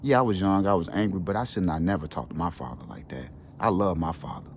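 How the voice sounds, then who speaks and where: Earnest, low-pitched man for a heartfelt monologue, casual slang, light background hum. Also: quick pace. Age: adult with children. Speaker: wellness channel host. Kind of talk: heartfelt personal storytelling.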